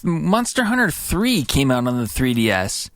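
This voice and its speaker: A man's voice: medium pitch, very animated, moderate pace, fairly bright tone, no echo. Male podcast co-host, mid-range voice, ribbing and doubtful interjections, dry mic. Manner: teasing, skeptical interjections. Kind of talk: casual chat.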